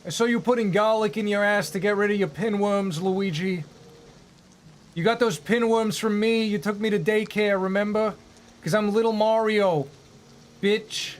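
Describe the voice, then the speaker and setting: A man's voice: sits high, steady tone, moderate pace, lightly acted. Mario, a man doing a crude brash plumber. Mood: taunting. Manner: taunting, crude, rambling. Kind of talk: improvised comedy impression.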